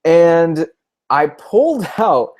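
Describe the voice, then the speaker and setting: Speaking very slowly in a fairly high, slightly mellow voice with big pitch swings, a young comic book vlogger chats on a livestream. He is frank and emotional, at times tearing up.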